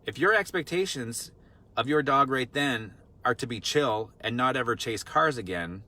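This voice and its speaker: A man's voice: mid-range voice, animated, moderate pace, bright, forceful tone. A man working as a dog trainer, explaining in a casual teaching talk, earnest and repetitive, full of rhetorical questions. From Vermont.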